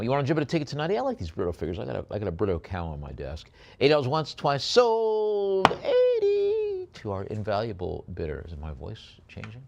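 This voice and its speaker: A man running a live auction, rattling off bids quickly and breaking into chatty, filler-heavy descriptions of each lot. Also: on the low side. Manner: rapid bid calling mixed with chatty asides and many fillers.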